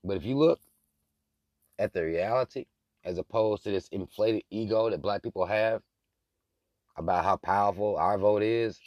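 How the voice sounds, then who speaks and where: A man's voice: fairly low pitch, normal speed, pauses often, darkish tone, no echo, lo-fi sound. A man hosting his own channel, giving blunt, profane, heated political commentary in a casual rant. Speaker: channel host.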